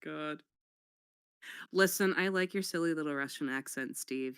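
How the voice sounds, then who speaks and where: A guest on a casual chat who talks in an excitable, animated way and laughs often. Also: mid-range voice, measured pace, clean tone, no echo.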